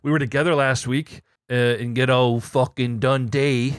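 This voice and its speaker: A man hosting a casual gaming podcast, bantering loudly with friends and swearing freely. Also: mid-range voice, steady tone, moderate pace, smooth, dry recording, clean studio sound. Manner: loud, laughing, swearing banter. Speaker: podcast host.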